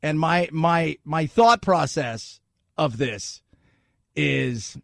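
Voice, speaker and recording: A man hosting a talk radio show, giving an opinionated monologue in an animated, sarcastic way, often laughing. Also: on the high side, very slow, gravelly, dry recording, studio quality.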